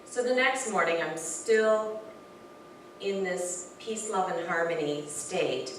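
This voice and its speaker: A woman telling an informal personal story to a spiritual gathering. She is animated, often restarts sentences and uses many fillers. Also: on the low side, takes it slowly. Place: hall of a spiritual center. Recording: very echoey room from far off with faint noise.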